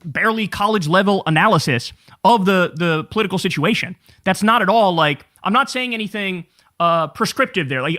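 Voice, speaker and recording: A man in his thirties giving profane, animated reaction commentary as a political commentator on a live stream. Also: high-pitched, brisk. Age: 30s.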